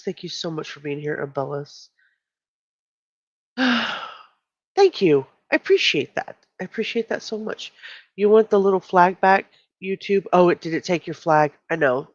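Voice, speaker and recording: A woman's voice: fairly low pitch, dry recording, lo-fi sound. A woman hosting a true crime live stream, chatting casually and giggling as she greets viewers. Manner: giggly and chatty, often breaking into laughter.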